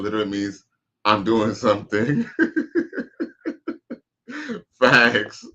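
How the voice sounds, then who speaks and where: A man's voice: on the low side, steady tone, slow, long pauses, bright, forceful tone, highs cut off. A man casually commenting on a live stream, reading chat comments aloud in laid-back slang.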